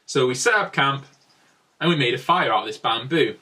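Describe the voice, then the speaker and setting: Male vlogger, young, bright tone, filler-heavy storytelling, a bit off-mic. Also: medium pitch, animated, fairly quick, recorded from a distance. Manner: chatty, rambling, many "like" fillers. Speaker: travel vlogger. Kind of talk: casual storytelling narration.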